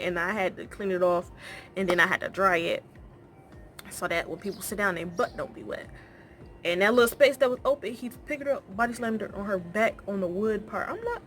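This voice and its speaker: A young woman tells a story casually, animatedly acting out the dialogue with a rising pitch.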